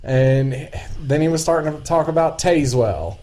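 A man's voice: on the high side, normal speed, noisy background. A man chatting casually, rambling through an anecdote and acting out what others said. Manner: rambling storyteller, quotes others. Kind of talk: casual chat.

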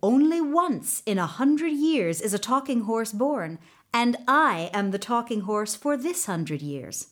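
A woman doing a gentle talking horse. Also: on the high side, big pitch swings, a little slow. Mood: calm. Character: small talking male horse, loyal and brave. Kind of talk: storybook narration.

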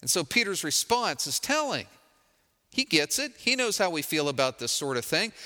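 A man's voice: a little high, big pitch swings, moderate pace, pushed and bright, big-room sound. A man preaching a sermon in a conversational, wry way, acting out the people he quotes. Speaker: pastor.

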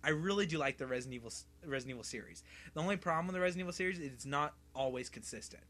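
A young man co-hosting a casual podcast about video games, excitable and laughing often as he tells stories. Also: a little high, racing. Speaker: podcast co-host.

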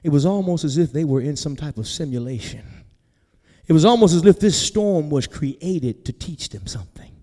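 A man's voice: mid-range voice, husky. Preaching man in a reverberant church. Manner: animated preaching, climbing to near-shouts, then dropping soft; folksy, conversational, talks straight to the congregation. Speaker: pastor. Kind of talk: sermon. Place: church sanctuary.

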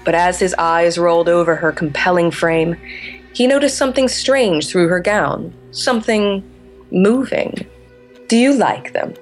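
Woman author, lowish voice, expressive measured reading of her own fiction. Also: soft background music, rough recording.

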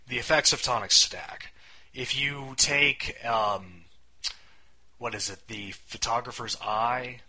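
A man's voice: lowish voice, bright, forceful tone, breathy edge, rough recording. A young man co-hosting a casual podcast, talking in a rambling, wry way and swearing casually. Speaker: podcast co-host.

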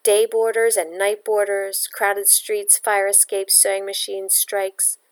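A woman reading a novel aloud in a steady, plain storytelling voice. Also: mid-range voice, slow. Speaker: audiobook reader.

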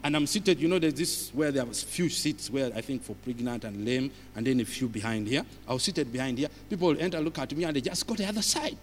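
A man's voice: medium pitch, brisk, hardly any pauses, long reverb tail, a little hiss or hum. A man with a Ugandan accent from Uganda, preaching a sermon in a church as a visiting preacher, telling stories with humor and stopping now and then to chuckle. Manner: animated, humorous, stops to laugh. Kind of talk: sermon with storytelling.

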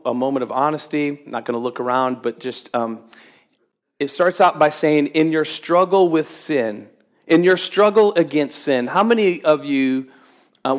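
A middle-aged man preaching a sermon to his congregation, chatty and humorous, building to emphatic exhortation. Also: mid-range voice. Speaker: pastor. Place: church sanctuary with congregation.

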